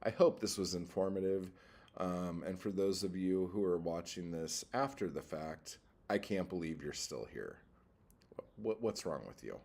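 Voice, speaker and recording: Deep husky-voiced man, profane livestream chat. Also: a little slow, a little mellow. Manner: profane, easily worked up, rambling. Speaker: livestream host reading chat.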